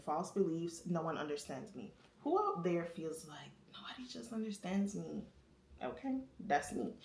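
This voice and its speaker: A young woman talking candidly to her viewers from her apartment, chatty and quick to laugh. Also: lowish voice, gravelly, reverberant. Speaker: vlogger. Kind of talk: casual confessional talk to camera.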